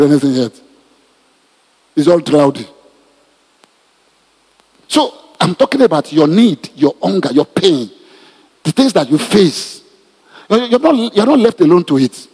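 Pastor preaching, high lively husky voice, big echoey church hall. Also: male voice. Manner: animated preaching with laughs and repetitions. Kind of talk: sermon. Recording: reverberant hall.

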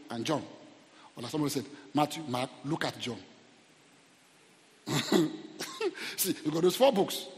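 Male pastor, high and animated sermon delivery with a gravelly texture; long hall reverb. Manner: animated preaching, shouting at peaks, call-and-response.

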